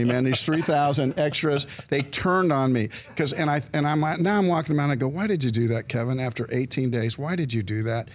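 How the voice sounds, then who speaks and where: A man telling a story as an interview guest, halting and repeating words as he goes. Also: medium pitch, a little mellow. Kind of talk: storytelling anecdote.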